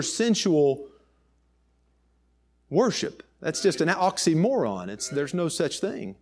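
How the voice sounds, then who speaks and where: A man's voice: on the high side, sing-song, slow pace, long pauses, a little mellow. A man preaching a sermon with emphasis, reading old scripture aloud.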